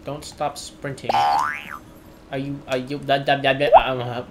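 Excitable young man with a lively voice. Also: medium pitch, slow, noisy background. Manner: swearing, excitable, sarcastic. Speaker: gameplay streamer. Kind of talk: gameplay commentary.

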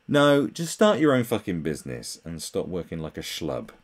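This British commentary host mocks memes sarcastically and swears freely, his pitch swinging hugely as he jumps into high mock voices. He talks at a moderate pace with few pauses.

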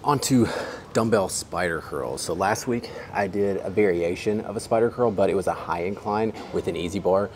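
Low-voiced young man narrating a gym workout. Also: moderate pace, slight background noise. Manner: explaining exercises while training, filler-heavy and relaxed. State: out of breath between sets. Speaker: fitness vlogger.

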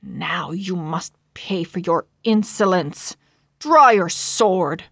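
A woman's voice: on the low side, fairly even intonation, takes it slowly, a bit bright, dry recording, studio quality. A woman voicing a harsh, sneering young male rival in a storybook read-aloud, with a jeering manner. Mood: menacing.

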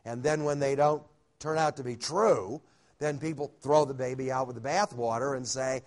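A man's voice: mid-range voice, fairly even intonation, normal speed, a little mellow. Male Bible conference speaker, folksy sermon delivery, filler-heavy, jokes along the way. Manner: folksy, with frequent "uh" fillers and humorous asides. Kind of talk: sermon-style Bible teaching. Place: hotel conference room.

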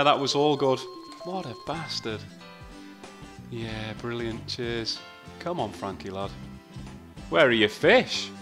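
A man commenting casually on his slot play. He swears freely, talks to himself and shouts at the game. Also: on the high side, measured pace, faint music behind. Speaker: slot video host. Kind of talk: casual commentary while playing slots.

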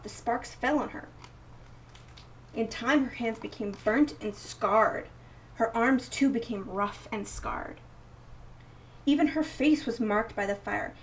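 A woman reading a picture book aloud in a slow, expressive storytelling manner. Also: a little high, slight background noise. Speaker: storybook reader. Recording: voice a bit distant from mic.

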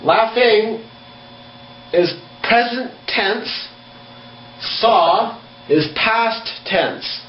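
A man teaching a slow beginner English lesson. He spells words out letter by letter and acts out laughing and crying. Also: sits high. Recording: echoey, dull room with faint hum.

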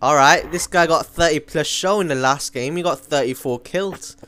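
A young man giving live commentary over his own gameplay, excitable, switching between mumbled asides and sudden yells. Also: a little high, moderate pace, slight background noise. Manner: excitable, swings from mumbling to yelling. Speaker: gaming commentator. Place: home room.

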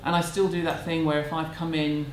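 A woman's voice: low-pitched, little pitch movement, fairly quick. A woman, answering viewer questions at home in a candid, chatty, self-deprecating way. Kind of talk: casual chat. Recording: echoey room, faint background hum.

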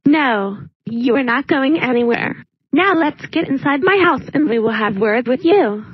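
A text-to-speech woman's voice playing a caring, forgiving young cartoon girlfriend, breathy and synthetic. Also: high-pitched, expressive, unhurried, no echo, full character voice. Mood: gentle. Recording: dull lo-fi audio with faint music.

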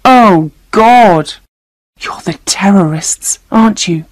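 A woman's voice: fairly low pitch, animated, a little slow, no room sound. A woman reading a storybook voices a frightened, angry young woman who accuses her captors through tears. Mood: accusing. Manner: accusing, tearful.

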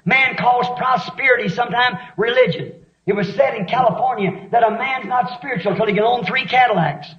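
A high-pitched, middle-aged preacher delivers a fiery revival sermon, swinging from storytelling into shouted appeals. His voice rings through an echoey meeting hall. The sound is a dull, lo-fi 1960s tape. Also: a little fast. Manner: impassioned, storytelling, rising to shouts.

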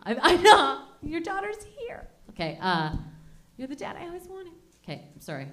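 A woman's voice: high voice, huge pitch swings, moderate pace. A woman hosting a stand-up comedy show on a club stage, talking in a chatty, profane, self-deprecating way.

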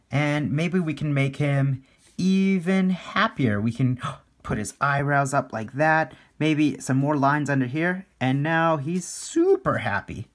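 A man coaching children through a playful drawing lesson at his art desk, animated, with gasps and little sound effects. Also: medium pitch. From Canada.

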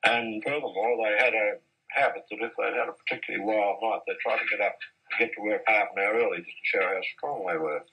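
A man telling measured stories about his years as a mine boss in an archive interview. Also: lowish voice, steady tone, bright, forceful tone, breathy edge, low-quality recording. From Australia. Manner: measured, anecdotal, with occasional restarts. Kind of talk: reminiscing storytelling in an interview.

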